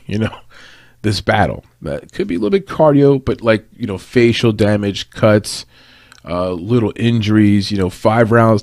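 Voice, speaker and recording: A man's voice: lowish voice, no room sound, clean studio sound. Conversational man breaking down a fight. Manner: conversational, rambling with restarts and tangents. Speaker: fight analyst.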